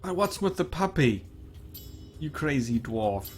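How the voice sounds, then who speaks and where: A man's voice: on the high side, sing-song, a little slow, soft background music. A man streaming a video game and chatting about it in an amused, laughing way. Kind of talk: casual gameplay commentary.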